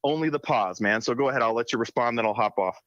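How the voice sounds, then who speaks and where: Quick, bright-voiced man on a phone line. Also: mid-range voice, no echo. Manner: joking, apologetic, chatty. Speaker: co-host calling in. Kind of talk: casual chat.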